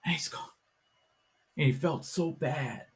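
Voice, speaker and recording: A man hosting a talk show, telling a story in a casual, animated way and acting out voices and chants as he goes. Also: a little high, slow pace, breathy edge. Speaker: podcast host.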